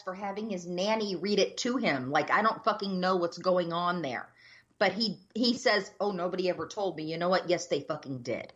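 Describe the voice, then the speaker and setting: A woman's voice: medium pitch, fairly bright tone, lo-fi sound. A woman co-hosting a podcast, ranting in casual chat and swearing freely. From United States. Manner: profane, ranting. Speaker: podcast co-host.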